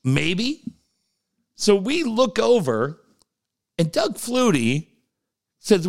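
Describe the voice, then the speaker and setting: A middle-aged man co-hosting a podcast, telling stories in casual chat, animated and profane, often laughing as he talks. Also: high-pitched, extremely slow, gravelly. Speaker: podcast co-host.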